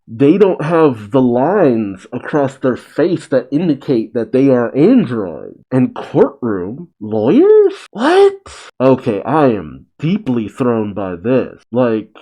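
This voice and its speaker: A man hosting a comic reaction channel, reading a chapter aloud and breaking off into bewildered, animated asides. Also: mid-range voice, slow, few pauses, slightly rough, rough recording.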